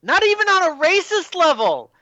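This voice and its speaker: Slow co-host, lively pitch, dull lo-fi audio. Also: no room sound.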